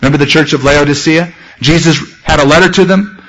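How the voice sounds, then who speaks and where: A man preaching a sermon as a pastor, speaking earnestly and slowing down to read scripture. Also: on the high side, steady tone, fairly bright tone, rough recording.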